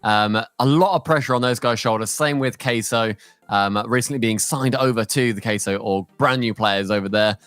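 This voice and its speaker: A man's voice: medium pitch, normal speed, a bit bright, no echo. A man doing casual desk banter as an esports analyst, jokey and full of ums. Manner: jokey, filler-heavy, with frequent ums.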